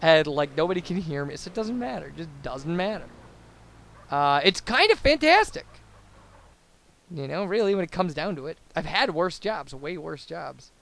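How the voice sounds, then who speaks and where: A man's voice: fairly high pitch, sing-song, normal speed, creaky, a bit bright. A young man rambling casually as a let's play commentator, babbling through tangents with lots of fillers. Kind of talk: casual post-commentary chat over gameplay.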